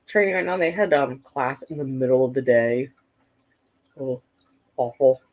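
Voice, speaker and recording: A woman's voice: very deep voice, moderate pace, a little mellow. A woman hosting a casual livestream, chatting and reading viewer comments aloud, with lots of "like" and "um" fillers. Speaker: livestream host. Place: at home at her computer.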